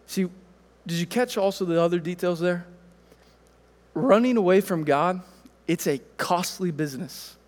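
High-voiced preacher in a reverberant hall. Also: male voice, unhurried, pauses often. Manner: conversational storytelling preacher, animated. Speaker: pastor. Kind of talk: sermon.

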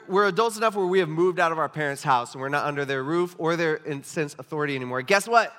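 A pastor with a high-pitched, sharp-toned voice preaches a sermon in a casual, conversational way, often checking in with the congregation.

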